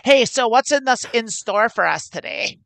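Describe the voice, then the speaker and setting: A woman co-hosting a podcast in casual chat, rambling and laughing often, with a gravelly voice. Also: on the high side, animated, moderate pace, no room sound. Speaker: podcast co-host.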